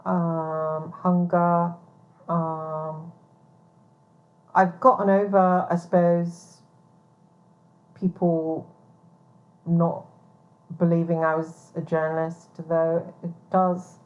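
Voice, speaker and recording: A woman with a fairly low voice speaks in a rambling, hesitant personal monologue. She fills gaps with ums and turns blunt, with frequent swearing. The recording sounds dull and lo-fi. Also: flat delivery, drawn-out words, pauses often. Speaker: private investigator vlogger.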